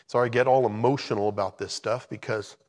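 A male pastor delivering a sermon with heartfelt, conversational intensity. He talks to the congregation like a friend, pressing his points with real feeling. His voice sits at an ordinary middle pitch for a man. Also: fairly even intonation, a little fast, big-room sound. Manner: passionate, conversational preaching.

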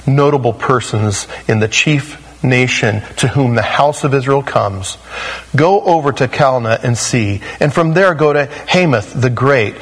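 A male pastor teaching through a Bible passage in a conversational way, acting out quoted voices with sudden jumps in pitch. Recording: long hall reverb.

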